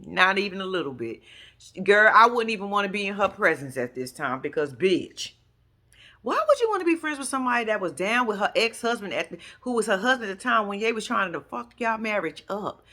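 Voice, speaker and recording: A woman's voice: mid-range voice, expressive, normal speed, pushed and bright. A woman giving casual reaction commentary on a reality show, blunt, sassy and profane, talking straight to her viewers.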